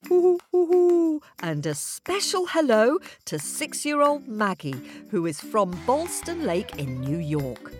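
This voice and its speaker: A woman hosting a children's story podcast, greeting young listeners in an expressive way. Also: medium pitch. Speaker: podcast host.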